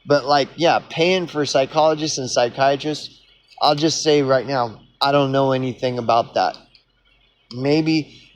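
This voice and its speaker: Rambling, profane man talking to camera. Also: mid-range voice. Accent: Oklahoman. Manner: rambling, profane, repeats himself and restarts. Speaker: vlogger. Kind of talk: casual monologue.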